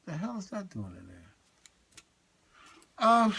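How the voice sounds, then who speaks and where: A man doing a comic monologue, swinging between high excited bursts and low muttered asides. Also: normal speed, gravelly, long pauses, slight background noise. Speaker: stand-up comedian.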